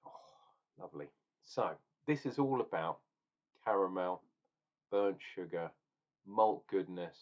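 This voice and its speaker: A man's voice: low voice, expressive, slow, long pauses, muffled recording. A man ranting and tasting beer in a casual review vlog, opinionated and swearing now and then.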